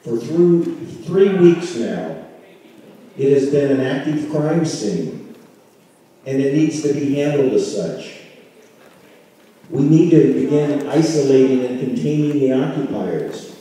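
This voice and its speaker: Dark-voiced man reading a statement. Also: mid-range voice, expressive. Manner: measured, deliberate, reading a prepared statement. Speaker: local resident speaking at a community meeting. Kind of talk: prepared public statement. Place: large community meeting hall. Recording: echoey hall recorded from far off.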